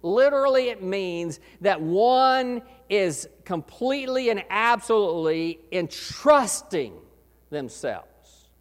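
High-voiced preacher in an echoey hall. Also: male voice, lively intonation, slow. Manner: earnest, rises to loud emphasis then drops low. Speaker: pastor. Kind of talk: sermon.

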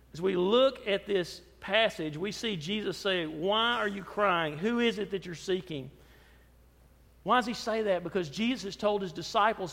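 A man with a high voice preaches a sermon in a church, his voice trailing into a long reverb. He pushes some phrases out loudly for emphasis, then drops to soft, low asides. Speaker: pastor.

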